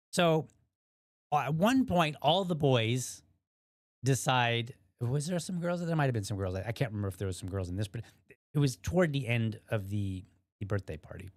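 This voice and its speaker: A man in his thirties hosting a podcast, telling a personal story casually, rambling and animated with restarts and acted-out quotes. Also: mid-range voice, no echo, studio quality. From USA. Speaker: podcast host.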